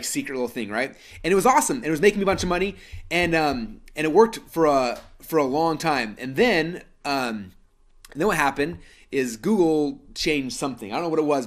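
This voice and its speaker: A man in his thirties from Idaho hosting a live webinar, telling a story with lots of fillers and restarts. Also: medium pitch. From Idaho, United States. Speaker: webinar host.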